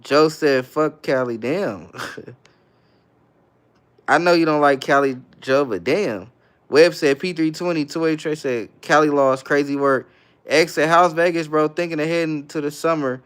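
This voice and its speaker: A young man hosts a casual livestream, reading each viewer comment aloud and then answering it in easygoing slang. His voice sits a little high for a man and comes through smooth and clear. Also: unhurried, fairly bright tone. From San Francisco Bay Area, California. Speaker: livestream host.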